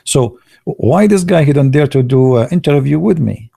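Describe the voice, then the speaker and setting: Gravelly-voiced man. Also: a little high, expressive, warm tone, dry recording, studio quality. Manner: halting, many fillers and restarts, sarcastic asides. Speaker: online commentator. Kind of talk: casual live commentary.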